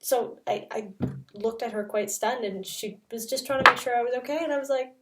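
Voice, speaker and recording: A young woman chats through a travel story, leaning on "like" as filler. Her voice sits a little high. She sounds somewhat distant from the mic. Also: brisk, fairly bright tone, a little hiss or hum. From Canada. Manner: chatty, lots of "like" fillers. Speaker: vlogger.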